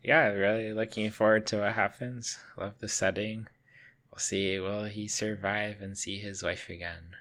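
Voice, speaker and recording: A man's voice: fairly low pitch, flat delivery, unhurried, a bit bright. A man co-hosting a casual anime podcast, laid-back with short replies and dry humor. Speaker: podcast co-host. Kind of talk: casual chat about anime.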